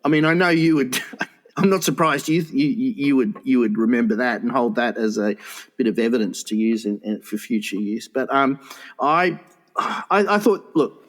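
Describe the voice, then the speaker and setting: A man's voice: medium pitch, normal speed. A man hosting a podcast, telling a rambling story full of swearing and stumbling restarts. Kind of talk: casual podcast banter.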